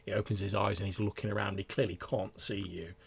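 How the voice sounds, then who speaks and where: A man's voice: lowish voice, flat delivery, fast, vocal fry. A man narrating a tabletop game as game master, describing the scene with hesitant fillers.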